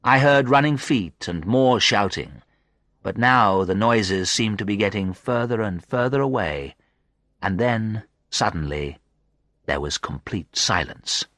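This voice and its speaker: Sex: man. Role: storyteller. Style: graded-reader narration. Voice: low, bright, dry. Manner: slow, clear and expressive. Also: no echo.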